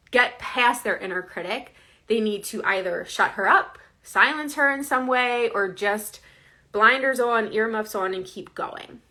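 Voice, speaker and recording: A woman's voice: on the high side, sharp tone. A woman coaching viewers in a casual, earnest, conversational way, often checking in with "right?". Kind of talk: casual direct-to-camera advice.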